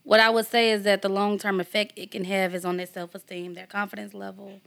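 A woman guest on a podcast speaks in a gravelly voice with some vocal fry. Her answers come measured and thoughtful, in a professional tone. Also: mid-range voice, level tone, a bit bright. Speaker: guest, nursing consultant. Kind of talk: podcast interview.

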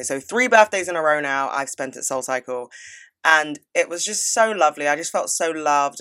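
A woman in her twenties, with a voice still lowered from a recent cold, chatting casually and gushing as she swears freely. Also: fairly bright tone. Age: 20s. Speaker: podcast host. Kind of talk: casual advice and life-update chat.

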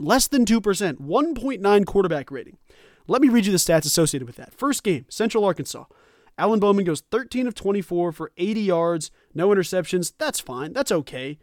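A man hosting a college football commentary show, talking in an animated, emphatic and sarcastic way. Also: sits high, no echo, clean studio sound. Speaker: sports show host.

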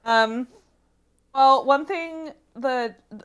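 A woman's voice: high-pitched, drawn-out words, a bit bright, smooth. A woman in her late twenties, a podcast guest, chatting casually and laughing between phrases. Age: 20s. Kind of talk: casual chat.

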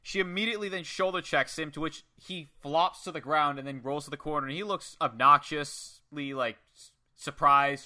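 A man with a piercingly bright, somewhat high voice tells the story of a match in a casual chat. He is excitable and curses freely as he goes. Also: moderate pace. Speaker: podcast co-host. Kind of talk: casual wrestling match recap.

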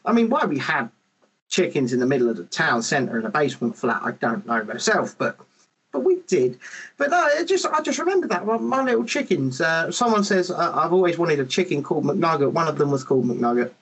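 A man hosting a casual podcast chat, animated and rambling, with lots of restarts, on a podcast microphone. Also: a little high, a little fast, breathy edge, rough recording.

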